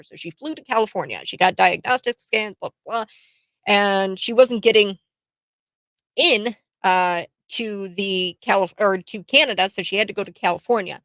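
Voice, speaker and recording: A woman's voice: medium pitch, moderate pace, a bit bright, dry recording. A woman hosting political commentary, retelling a news story in a casual, indignant and sarcastic way, with many fillers and restarts.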